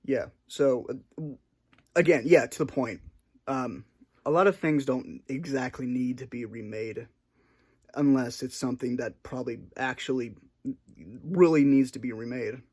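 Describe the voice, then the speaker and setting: Speaking at a measured pace in a darkish, mid-range voice, a man improvises a solo talk for his channel. He rambles with frequent restarts and hesitations and is aware of how awkward he comes across.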